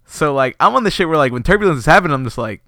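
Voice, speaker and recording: A man's voice: fairly high pitch, expressive, very fast, fairly bright tone, no echo, studio quality. A young man chatting casually, telling a story loosely with lots of fillers. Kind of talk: casual chat.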